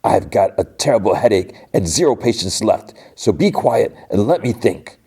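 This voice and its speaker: A man's voice: deep voice, measured pace, creaky, mellow, heavily acted. A man voicing a cruel, sneering male space pirate who threatens a group of children. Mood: scolding. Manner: mocking, threatening, talks down to kids.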